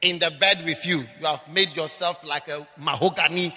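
A man preaching a lively, mocking, humorous sermon, often mimicking people. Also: a little high, normal speed, big-room sound.

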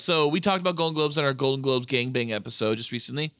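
A man's voice: mid-range voice, racing, few pauses, bright, forceful tone, no room sound. A man co-hosting a casual podcast, joking around and stumbling over restarts as he leads the segment. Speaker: podcast co-host. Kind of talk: casual chat.

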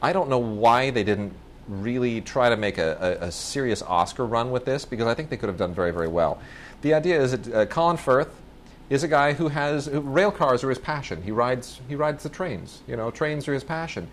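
A man's voice: medium pitch, animated, fairly quick, slight background noise. Enthusiastic rambling man reviewing films. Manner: enthusiastic, rambling, often restarts and self-corrects. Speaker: film review co-host. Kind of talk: casual movie review chat.

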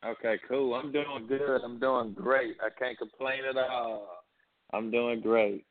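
A man's voice: medium pitch, steady tone, slow. Male rapper guest, St. Louis accent, easygoing rambling phone interview. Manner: laid-back, rambling with repeats. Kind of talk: casual interview. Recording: tinny phone line.

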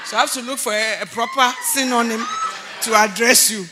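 A woman pastor preaching a sermon, animated and often laughing, shouting for emphasis and then dropping to low, earnest tones. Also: fairly quick, noisy background.

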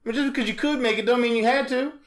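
A young man co-hosting a casual chat, telling animated stories with swearing and acted-out quotes. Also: very high voice, rapid-fire. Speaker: podcast co-host.

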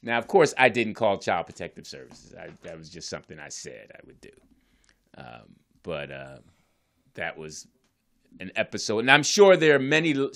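Dad rambling thru a family story, kinda low voice, earnest, keeps restarting himself. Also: male voice, bright, forceful tone. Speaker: divorced father sharing his experience. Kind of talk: casual personal storytelling.

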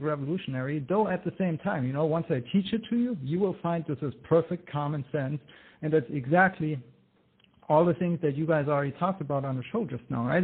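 A man's voice: on the high side, husky. A man from Germany with a German accent, an inventor being interviewed, speaking upbeat and enthusiastic. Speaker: guest, inventor. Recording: tinny phone-like line.

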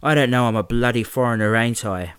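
A man's voice: mid-range voice, brisk, fairly bright tone, smooth, dry recording, voice pushed up, natural voice. A man voicing a menacing teenage male bully with a British accent, speaking in a mocking, sneering way. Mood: taunting.

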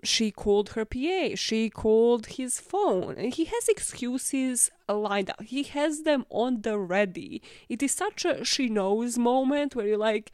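A woman's voice: a little high, expressive, a little slow, hardly any pauses, darkish tone, no room sound, studio quality. Sarcastic woman recapping a film. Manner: sarcastic, swears freely.

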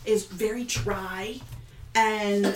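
A woman's voice: medium pitch, fairly even intonation, drawn-out words, reverberant, slight background noise, rough recording. A woman narrating a tabletop game as game master, describing scenes at length with loose fillers.

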